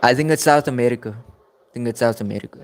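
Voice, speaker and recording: Man, South African accent, young adult, livestream host, casual chat, repeats himself, mid-pitched. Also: fast talker. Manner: chatty, addresses viewers by name, repeats phrases.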